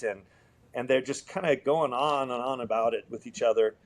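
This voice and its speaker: A man who builds guitars, telling a story in a relaxed, rambling way, with lots of fillers and quoted dialogue as an interview guest. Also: mid-range voice, fairly quick.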